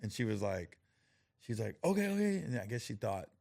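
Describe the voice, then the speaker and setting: A middle-aged man with a gravelly, creaky voice tells stories in relaxed conversation and slips into the voices of the people he quotes. The sound is dry and close, with no room around it. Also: normal speed, dry recording. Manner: storytelling, acts out quotes with rising pitch and laughter. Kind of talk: casual chat.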